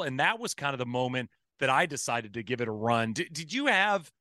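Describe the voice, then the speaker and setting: Male podcast host, bright tone, dry close sound, loose rambling questions. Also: medium pitch, sing-song, fairly quick, few pauses, dry recording. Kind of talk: casual podcast interview.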